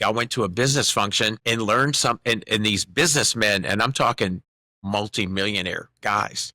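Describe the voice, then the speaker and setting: Middle-aged guy telling a story on a podcast, bright forceful voice, dry close sound. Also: mid-range voice, no echo. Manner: animated testimony with quoted dialogue. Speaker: guest singer-songwriter.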